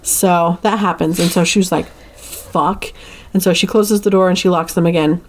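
A woman's voice: fairly low pitch, brisk, noisy background. A woman co-hosting a podcast, retelling a movie plot in a loose, chatty way full of "like" and acted-out lines. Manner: animated retelling with lots of "like", acting out characters' lines. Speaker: podcast co-host. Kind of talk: casual movie recap.

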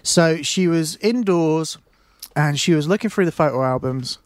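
Guy on the radio, bit high voice, jokey banter, dry studio sound. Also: normal speed, no echo. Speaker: radio presenter. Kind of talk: casual radio chat.

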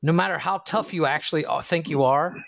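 High-voiced teasing podcast co-host man. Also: brisk, vocal fry, fairly bright tone, highs cut off. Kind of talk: casual banter podcast.

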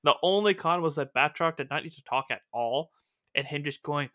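A man co-hosting a casual fan discussion, animated and laughing often as he acts out scenes. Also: a little high, brisk, dry recording, studio quality. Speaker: podcast co-host.

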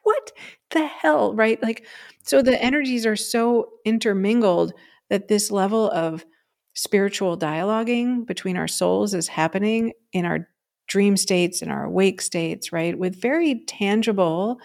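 A woman's voice: medium pitch, measured pace, creaky, a little mellow. A woman co-hosting a podcast, telling a personal story in a casual, conversational way and often asking "right?". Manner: storytelling, frequently asks "right?" and says "um". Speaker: podcast co-host.

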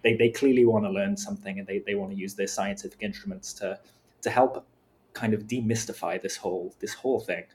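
Male panelist, lowish voice, animated storyteller who acts out quotes. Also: a little fast. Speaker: podcast panelist. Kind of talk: casual panel discussion.

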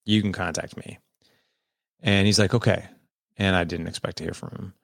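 A man's voice: low voice, steady tone, normal speed, gravelly, fairly bright tone, dry recording, studio quality. A man, candidly telling a personal story as a podcast guest and acting out the dialogue. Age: 40s. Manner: candid, conversational, quotes people in dialogue.

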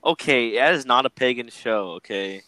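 A man's voice: medium pitch, moderate pace, sharp tone, dry recording, low-quality recording. A young man co-hosting a casual podcast chat, rambling with lots of fillers and frequent laughter. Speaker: podcast co-host.

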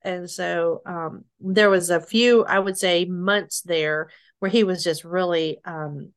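A middle-aged woman being interviewed, telling her story haltingly, with restarts, soft laughs and sighs. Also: lowish voice, fairly even intonation. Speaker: interview guest.

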